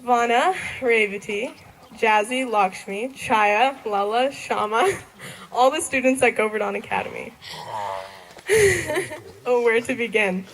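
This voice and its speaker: A woman's voice: on the high side, expressive, slow pace, long pauses, a bit bright, slight background noise, low-quality recording. Giggly teen girl giving a graduation speech. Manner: giggly, laughing often between sentences. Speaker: graduating student. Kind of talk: graduation thank-you speech.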